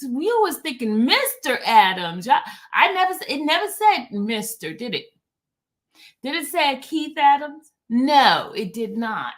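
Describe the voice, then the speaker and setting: A woman's voice: high-pitched, big pitch swings, unhurried, a bit bright. A woman hosting a casual livestream chat, teasing and repeating herself as she reads out viewer comments. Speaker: livestream host.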